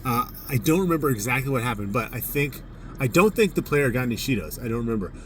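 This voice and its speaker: A man's voice: mid-range voice, quick pace, recorded from a distance, slight background noise. A man, a judo coach, casually telling a story from a tournament in a candid, self-mocking way. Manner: candid, self-mocking, animated when recounting his outbursts.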